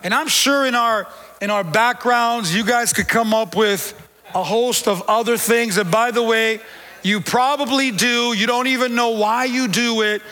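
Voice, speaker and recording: High, bright-voiced joking male pastor. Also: a little slow, in a large hall. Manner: joking, animated preaching with street slang. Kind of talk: sermon. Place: church.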